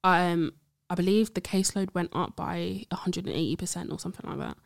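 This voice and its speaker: Chatty young woman, lower voice. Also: fairly even intonation, brisk, creaky, no room sound, studio quality. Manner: rambling, says "like" and "do you see what I mean" often. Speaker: trainee psychologist guest. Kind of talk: casual interview chat.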